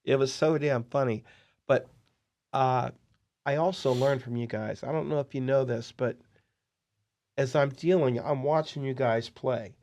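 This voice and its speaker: A man hosting a podcast, telling poker-dealing stories in an excitable, animated way. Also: mid-range voice, measured pace, long pauses. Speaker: podcast host and poker dealer. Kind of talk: casual storytelling interview.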